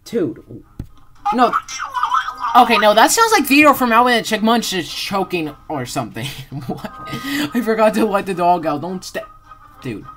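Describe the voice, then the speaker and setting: A woman giving rambling, excitable gameplay commentary as a channel host, with sudden loud outbursts and swearing. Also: medium pitch, moderate pace, over music, poor audio.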